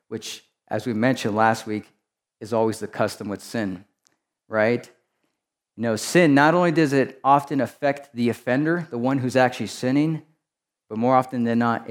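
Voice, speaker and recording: Man preaching a conversational sermon. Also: mid-range voice. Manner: conversational preaching, rhetorical asides. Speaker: pastor.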